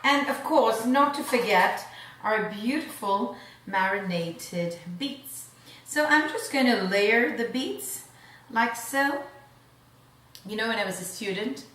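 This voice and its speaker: A woman's voice: medium pitch, a bit bright. A woman hosting a cooking show who demonstrates a dish and savors the food aloud in an effusive way. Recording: roomy sound, mic at a distance.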